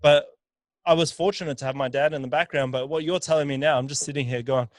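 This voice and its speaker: A man's voice: on the high side, steady tone, quick pace, dry recording. Guy in his 30s chatting on a podcast, storytelling, repeats himself, dead dry room. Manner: storytelling, repeats words while thinking. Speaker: business owner guest. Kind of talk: casual podcast chat.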